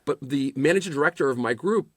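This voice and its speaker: A middle-aged man, a podcast guest, telling animated anecdotes in casual conversation and often restarting his sentences. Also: fairly high pitch, quick pace, dry recording, studio quality. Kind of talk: casual storytelling interview.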